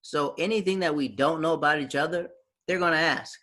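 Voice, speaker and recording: A man's voice: on the high side, a little fast. A man in his thirties from the Southern United States, telling stories in casual podcast chat and acting out the quotes. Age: 30s. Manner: animated, acts out quotes, frequent restarts. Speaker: podcast host.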